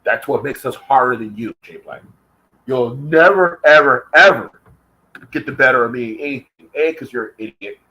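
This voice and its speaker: A man's voice: mid-range voice, fast, few pauses, bright, forceful tone, low-quality recording. Profane, taunting man ranting on camera. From United States. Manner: profane and confrontational; taunting, addresses his target directly. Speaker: vlogger. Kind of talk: angry rant.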